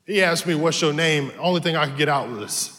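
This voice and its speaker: A pastor preaching a sermon with animated storytelling, swinging from low asides to sung shouts. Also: male voice, a little fast. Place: large arena church. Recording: long reverb of a large arena.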